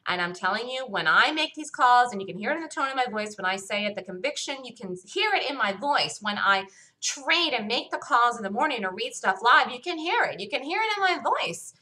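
On her solo market review show, a woman talks through the day's trading emphatically and confidently, returning again and again to the same points. She speaks fairly quickly and animated, at a fairly high pitch with a sharp tone.

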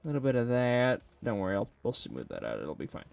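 Here a 3D sculpting creator mutters and jokes to himself while shaping a model, rambling casually as he goes. He has a mid-range, creaky voice with a darkish yet clean tone, big pitch swings and a quick pace. Faint music sits underneath.

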